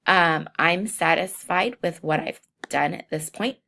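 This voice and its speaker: A woman walking through software steps in a screencast tutorial, unhurried and thinking aloud with frequent ums. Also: lowish voice, creaky. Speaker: teacher demonstrating software.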